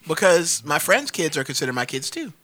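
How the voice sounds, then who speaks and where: A man's voice: fairly high pitch, very animated, fairly quick, pushed and bright, no echo. A man co-hosting a podcast in casual, profane banter, joking and defending himself. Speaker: podcast co-host.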